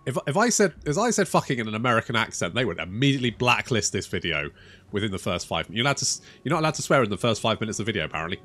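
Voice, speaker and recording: A man's voice: fairly low pitch, very animated, rapid-fire, fairly bright tone. A man giving casual, rambling let's-play commentary over a strategy game, swearing freely and poking fun at himself. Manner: rambling, sweary, self-mocking. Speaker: gaming YouTuber.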